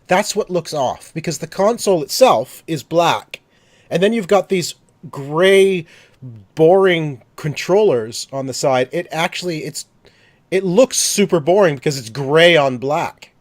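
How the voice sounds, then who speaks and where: A man's voice: fairly high pitch, animated, measured pace, no echo. A man co-hosting a casual gaming podcast, teasing and opinionated. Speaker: podcast co-host.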